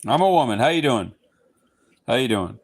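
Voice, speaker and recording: A man's voice: medium pitch, very animated, moderate pace. A man from Southeast Texas with a Texan accent, chatting casually with viewers on his livestream, playful and slipping into goofy voices. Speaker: livestream host. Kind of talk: casual live chat with viewers.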